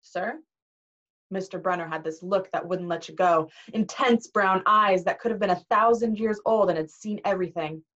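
A teacher reading a novel aloud to a class in an expressive, animated way. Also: female voice, medium pitch, moderate pace, few pauses. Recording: dull lo-fi recording.

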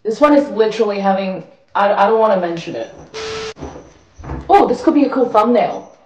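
A woman's voice: mid-range voice, very animated, normal speed, a little mellow, slight background noise. A young woman vlogging casually at home, bubbly and chatty with playful asides. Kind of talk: casual vlog talk to camera. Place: at home, small rooms. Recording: echoey home room with music.

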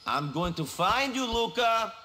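An actor playing a hardened Eastern European war veteran in a video game, speaking bluntly and with menace. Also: male voice, high voice, big pitch swings, unhurried, pushed and bright, heavily acted. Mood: menacing.

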